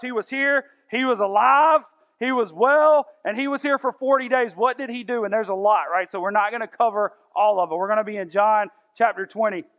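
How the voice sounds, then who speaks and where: Male pastor preaching, fairly high voice, conversational, rhetorical questions, long reverb, muffled lo-fi sound. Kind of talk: sermon. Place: church sanctuary.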